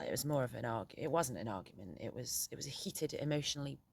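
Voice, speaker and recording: A middle-aged woman speaking in a candid, reflective monologue, frank and halting, often swearing, with many restarts as a poet and parent. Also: low-pitched, gravelly, breathy edge.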